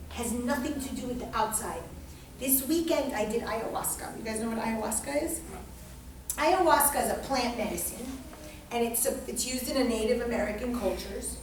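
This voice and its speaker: A woman with a high voice lectures on astrology to a small class, emphatic and profane, swinging between hushed asides and near-shouts. She is picked up by a mic set far off in a very echoey room. A faint hiss runs underneath. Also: moderate pace. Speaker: astrology teacher. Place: indoor room with a group.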